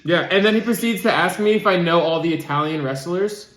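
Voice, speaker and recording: A man's voice: high voice, fairly quick, fairly bright tone, a little hiss or hum. A young man hosting a casual chat among friends, telling stories in a playful way. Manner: laughing, playful storytelling. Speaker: host. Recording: echoey room.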